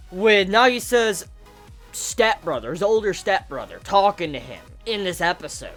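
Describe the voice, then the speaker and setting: A woman giving a casual anime review, excitable and profane, ranting in bursts. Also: medium pitch.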